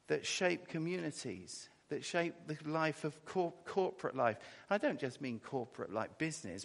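A man preaching a sermon, animated and halting, acting out horrified cries, with many restarts. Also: fairly high pitch, vocal fry. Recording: long reverb of a large hall.

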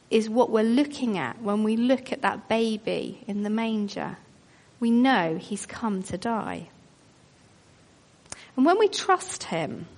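A woman's voice: on the high side, gravelly. A woman preaching a sermon, earnest and questioning, telling it like a story. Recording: long reverb of a large hall.

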